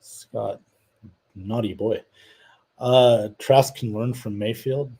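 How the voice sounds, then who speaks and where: Mellow, husky-voiced man chatting casually. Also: medium pitch, fairly even intonation, slow pace, long pauses, rough recording. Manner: chatty, reads viewer comments aloud. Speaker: podcast host. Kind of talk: casual live-stream chat.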